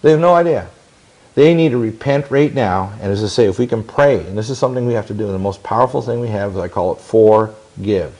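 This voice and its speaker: A man's voice: on the low side, quick pace, few pauses, a little mellow. A man in his sixties telling long stories in an interview, intense and rambling, with many restarts and quoted dialogue. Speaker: interview guest. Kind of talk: long-winded interview storytelling.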